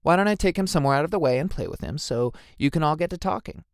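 A man's voice: fairly high pitch, animated, fast, dry recording, clean studio sound, pitched above the performer's own voice, lightly acted. A man voicing an eager, earnest young swordsman in a storybook reading.

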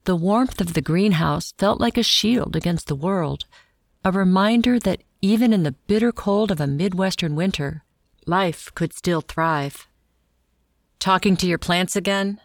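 A woman reading a story aloud as a narrator, with a measured, steady storytelling delivery. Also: on the low side, no echo. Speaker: audiobook narrator. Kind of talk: scripted first- and third-person story narration.

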